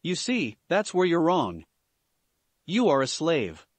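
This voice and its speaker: A smug, scheming ninja villain who mocks his foes, as a man puts him on in a story reading. The voice sits fairly high and moves around a lot. The sound is dry and close. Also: huge pitch swings, takes it slowly, no echo, exaggerated voice. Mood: menacing. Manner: mocking, smug.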